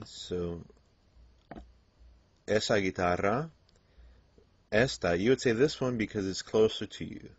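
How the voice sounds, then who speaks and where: Deep-voiced man, slow patient teacher. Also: no room sound. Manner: patient, explanatory, frequent "okay" and "um". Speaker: Spanish teacher. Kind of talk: classroom grammar lesson. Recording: dull lo-fi lecture recording.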